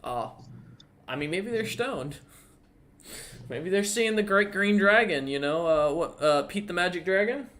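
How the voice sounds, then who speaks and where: A man with a slightly raised pitch runs a tabletop game as dungeon master. He talks loosely and profanely, stalling on ums and uhs as he narrates and sorts out rules. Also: expressive, a bit bright. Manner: casual, profane, halting with many ums and uhs. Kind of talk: running an online tabletop game.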